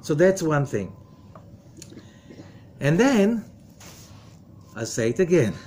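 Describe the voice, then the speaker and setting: Male rabbi-teacher, a touch high-pitched, emphatic lecturer who questions the room and hushes for warnings. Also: big pitch swings, slow pace, slight background noise. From from outside America. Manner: emphatic, full of rhetorical questions; drops to a low, quiet voice for warnings. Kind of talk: lecture to a study group.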